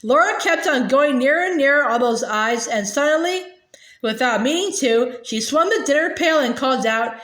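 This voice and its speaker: A woman reading a children's book aloud in a halting way, with fillers and restarts. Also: high-pitched, expressive, a bit bright. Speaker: reader. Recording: echoey room.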